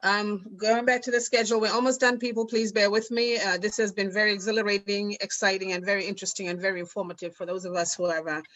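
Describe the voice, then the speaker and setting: A woman moderates an online event in a polite, gracious manner. She thanks speakers and keeps things on schedule. Her voice is mid-pitched. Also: flat delivery, fast, hardly any pauses, a bit bright. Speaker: meeting moderator.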